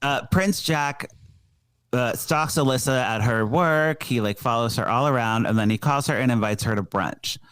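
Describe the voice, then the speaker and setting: A man's voice: medium pitch, normal speed, smooth, no echo. Man recapping a movie on a podcast. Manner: animated storyteller, acts out quotes. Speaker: podcast co-host.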